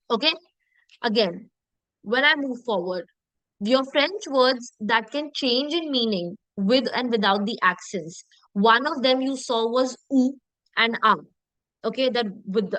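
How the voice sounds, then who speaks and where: A woman teaching an online French lesson, explaining step by step and often checking in with her students. She slows down to model French words carefully. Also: a little high, a bit bright, dry recording, rough recording.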